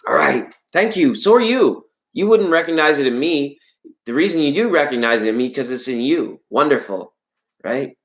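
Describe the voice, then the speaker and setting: A tarot reader hosting a live stream, chatting with viewers in a rambling, joking way, with the voice jumping up in pitch when excited. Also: normal speed, rough recording. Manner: rambling, playful and jokey; greets and answers viewers from chat.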